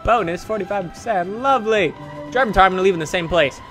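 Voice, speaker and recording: A man commenting on his racing game play in a chatty, self-mocking way, with sudden excited outbursts. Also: high voice, fast, soft background music. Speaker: gaming channel host.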